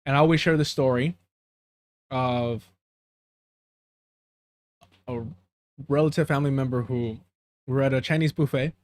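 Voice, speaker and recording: A man's voice: mid-range voice, fairly even intonation, moderate pace, pauses often, a little mellow, no room sound. A man from the US–Mexico border region, live streaming as host and telling a long, rambling story to his chat, dropping Spanish phrases in and often losing his words. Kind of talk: casual rambling chat with viewers.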